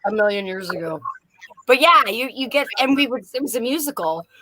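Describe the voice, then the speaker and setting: A woman's voice: a little high, lively intonation, a little fast, noisy background. A woman chatting casually on a live stream, laughing often and slipping into playful voices. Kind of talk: casual chat.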